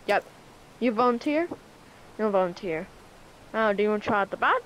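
A woman giving excitable, chattering commentary while playing a video game. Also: medium pitch, normal speed, long pauses. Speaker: gameplay streamer. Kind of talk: gameplay commentary. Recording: noisy game audio behind.

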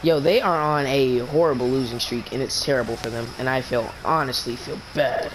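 A man's voice: medium pitch, brisk, noisy background. Young guy gaming, voice cracking. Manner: excitable, shouts during fights, voice cracks upward. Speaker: gamer streaming with friends. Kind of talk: casual voice chat while gaming.

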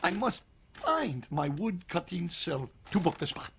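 An actor playing a big, gentle woodsman and hopeful actor, speaking in a German accent with slow, stiff, formal phrasing. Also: high voice, big pitch swings, gravelly, slightly rough, heavily acted. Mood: earnest. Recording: film soundtrack with loud music behind.

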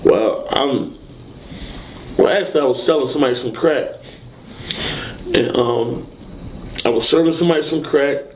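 A man being interviewed, telling a story casually and acting out what people said with sudden high, loud bursts. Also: moderate pace, long pauses, slight background noise. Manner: animated, acts out quotes and shouts in sudden high bursts.

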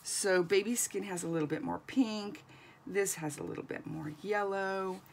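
A woman's voice: mid-range voice, moderate pace, creaky, a little hiss or hum. A woman giving a chatty, encouraging crafting tutorial as a doll artist, thinking aloud as she works.

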